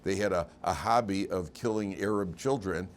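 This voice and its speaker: In a classroom, a rabbi teaches his weekly class as an informal lecture, speaking conversationally with humor and quizzing his students. He has a deep voice and talks at normal speed, with slight background noise.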